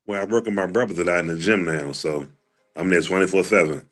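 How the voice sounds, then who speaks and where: A man with an extremely deep voice answers interview questions. He sounds relaxed and unhurried. His replies are short and easygoing. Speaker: guest, former boxer. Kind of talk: casual interview.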